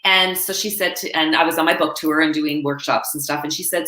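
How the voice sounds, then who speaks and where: A woman coach and author telling animated stories in an interview, often laughing and quoting others. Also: low voice, a little fast, hardly any pauses, roomy sound. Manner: laughing, animated anecdotes with acted quotes. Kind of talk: storytelling in a live interview.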